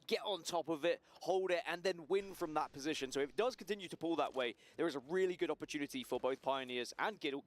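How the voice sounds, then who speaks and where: A man giving measured, analytical esports commentary. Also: on the high side.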